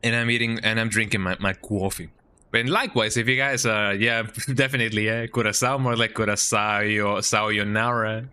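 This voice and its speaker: A man's voice: mid-range voice, fairly even intonation, brisk, bright, forceful tone, clear, resonant tone. A man streaming a video game, rambling and joking in casual commentary, with lots of "eh?" and "you know".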